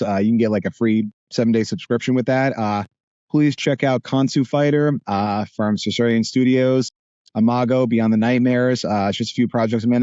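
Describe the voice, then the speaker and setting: Man, new jersey accent, dark mellow voice, dry muffled sound, rambling podcast guest. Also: medium pitch, no room sound. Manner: animated, rambling with restarts. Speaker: voice actor guest. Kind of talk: casual podcast interview.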